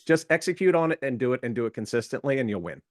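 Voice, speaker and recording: Quick, insistent male panelist, dry sound. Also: mid-range voice, lively intonation, dry recording. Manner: emphatic, insistent, restarts words. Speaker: workshop panelist. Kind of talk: casual group feedback.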